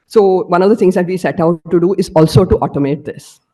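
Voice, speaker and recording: A woman's voice: fairly low pitch, quick pace, dark tone. A woman lecturer giving an academic presentation, explaining her slides step by step.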